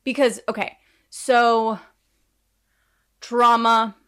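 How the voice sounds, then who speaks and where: A woman's voice: fairly high pitch, level tone, very slow, fairly bright tone, clean tone. A woman co-hosting a podcast in casual chat, rambling off on tangents with sarcastic asides. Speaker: podcast co-host.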